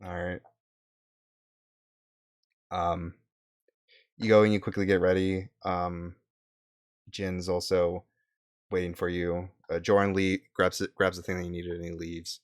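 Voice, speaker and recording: A man narrating as game master, halting with many fillers and swears. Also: low-pitched, level tone.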